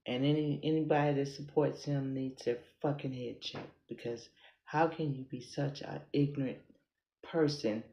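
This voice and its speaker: On her own podcast, an American woman who creates content rambles through a casual, blunt and often profane monologue. She has a mellow bass voice with a steady tone and moderate pace, captured in lo-fi sound with roomy echo.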